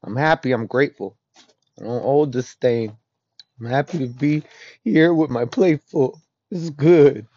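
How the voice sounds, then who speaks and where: A man's voice: unhurried, warm tone, no room sound. Profane emotional man, lo-fi and dry. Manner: emotional, profane, rambling, often murmuring low. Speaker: podcast host. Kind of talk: raw confessional monologue. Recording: dull dry lo-fi recording.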